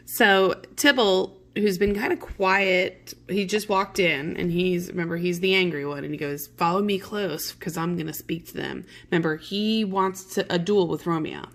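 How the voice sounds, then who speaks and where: A woman's voice: lowish voice, vocal fry, fairly bright tone, a little hiss or hum. A woman teacher reading a play aloud to a class and explaining the lines in plain modern words, chatty and full of okays. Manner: chatty, many fillers and okays. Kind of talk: casual read-along lesson.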